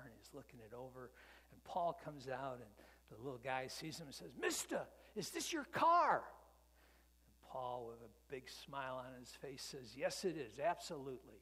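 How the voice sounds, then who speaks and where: A man preaching a sermon through a story, his husky voice rising loud and then sinking to a whisper. It rings with a long reverb, as in a big hall. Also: mid-range voice.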